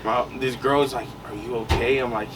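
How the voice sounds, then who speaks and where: Telling a long story on a podcast he co-hosts, a young man rambles in slangy, filler-heavy casual chat. His medium-pitched voice is steady at normal speed, recorded from a distance with a crowd and noise behind him.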